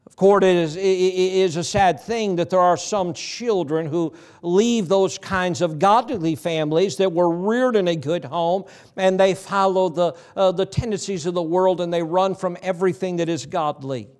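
Middle-aged preacher guy, high voice, folksy sermon, keeps asking the room questions. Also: normal speed, hardly any pauses, a little mellow. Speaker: pastor. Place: church sanctuary.

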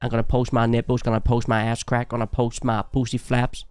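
A man's voice: medium pitch, completely flat delivery, fairly quick, darkish tone, clean tone, dry recording, soft background music, natural voice. A man mimicking a self-absorbed young woman. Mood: mocking. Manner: mocking, exaggerated.

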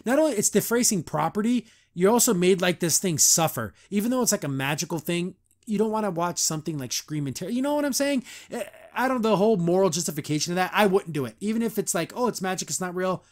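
A young man hosting a casual podcast, retelling a cartoon episode in a chatty, excited way with frequent laughs. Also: sits high, fast, hardly any pauses. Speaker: podcast host.

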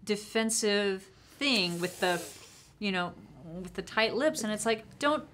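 Mid-pitched woman, chatty, lots of ums, casual recap. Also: expressive, measured pace, a bit bright, a little hiss or hum. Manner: chatty, many fillers, recounts and quotes others. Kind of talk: casual chat.

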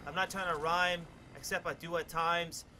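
Young male gaming commentator, high bright voice, loud and boastful. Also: little pitch movement, normal speed, slight background noise. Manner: hyped, cocky, swears a lot, sudden yells. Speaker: gaming YouTuber. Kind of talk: gameplay commentary.

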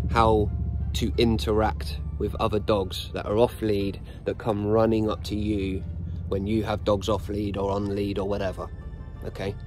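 Slow-talking blunt British dog trainer. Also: male voice, lowish voice. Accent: British English. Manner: blunt, lecturing, plain-spoken. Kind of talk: casual instructional monologue. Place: outdoors on a dog walk.

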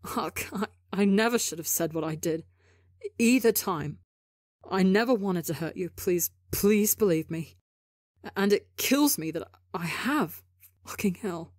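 A woman's voice: mid-range voice, takes it slowly, long pauses, darkish tone, dry recording. Woman reading desperate young man, pleading, stammering, dry close sound. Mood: earnest. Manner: pleading, stammering with broken restarts. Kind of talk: audiobook character reading.

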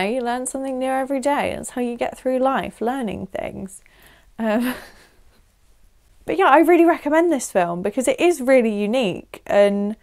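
A woman's voice: medium pitch, a little mellow, clean tone. A young woman, chatting effusively to camera as she reviews a film, with frequent "like" fillers.

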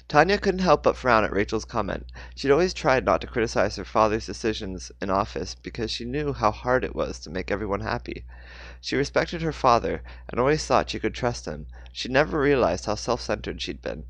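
A man's voice: on the low side, sing-song, normal speed, creaky, fairly bright tone, no echo. A man reading a novel aloud, stumbling and correcting himself now and then. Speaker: audiobook reader.

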